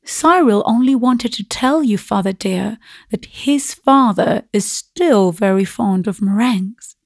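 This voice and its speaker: A woman voicing a gentle, fussy middle-aged aunt in a storybook reading, speaking brightly. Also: mid-range voice, slow pace, creaky, husky, no room sound, clean studio sound, heavily acted. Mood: coaxing.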